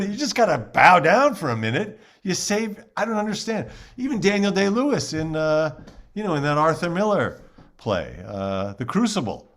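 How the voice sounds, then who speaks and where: Male guest, lively pitch, joking riffer. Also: normal speed. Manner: joking, animated, laughs. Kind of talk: casual chat.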